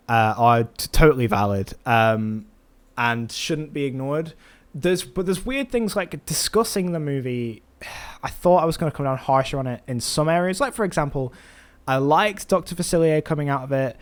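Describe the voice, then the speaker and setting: A man hosting a relaxed movie podcast, his voice sitting a touch higher than most men's. He talks in loose, rambling runs and restarts his thoughts often as he weighs his opinions. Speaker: podcast host. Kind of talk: casual podcast chat.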